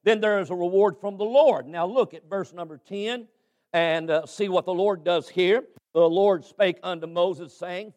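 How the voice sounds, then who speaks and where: A high-voiced man preaches a sermon with fervent, exhorting energy. He moves from loud urging to quiet, reflective asides, and he punctuates his points with repeated amens. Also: measured pace.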